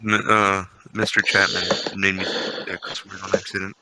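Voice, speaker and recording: A man's voice: low voice, level tone, moderate pace. A man co-hosting a podcast in casual chat, telling stories in a wry, dry way. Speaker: podcast co-host. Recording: noticeable background noise.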